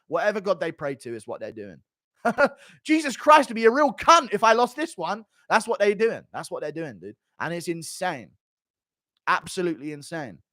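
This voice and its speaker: A man hosting a casual live stream, loud and animated, swearing and laughing at his own jokes. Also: high voice, no room sound, studio quality. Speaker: streamer host.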